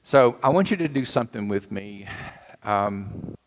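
A man's voice: fairly low pitch, animated, unhurried, a little hiss or hum. A man preaching a sermon in a folksy, earnest storytelling way. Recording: long hall reverb.

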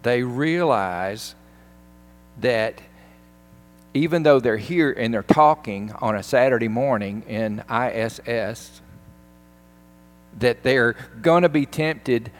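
A pastor giving a sermon, retelling a film scene in an animated, emphatic way. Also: male voice, medium pitch.

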